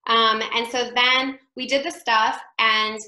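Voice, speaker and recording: A woman actress telling an anecdote as an interview guest, animated and chatty, laughing often and acting out what others said. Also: on the high side, slow, echoey room, rough recording.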